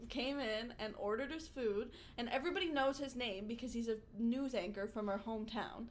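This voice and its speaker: A woman's voice: on the high side, moderate pace, slight background noise. A young woman co-hosting a podcast, telling work stories in casual chat and laughing through the punchlines. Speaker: podcast co-host.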